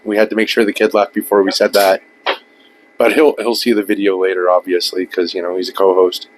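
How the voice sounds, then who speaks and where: A man's voice: low voice, little pitch movement, brisk, a little hiss or hum, low-quality recording. A man co-hosting a casual podcast, crude and joking, often laughing at his own jokes. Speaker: podcast co-host. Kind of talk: casual banter.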